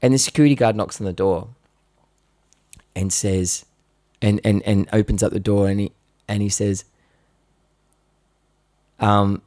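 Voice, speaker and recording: Animated man telling a story. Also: fairly low pitch, unhurried, pauses often, dry recording, studio quality. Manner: animated storyteller with many restarts who swears. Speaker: musician live-streaming. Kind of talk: casual storytelling. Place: studio. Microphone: live-stream microphone.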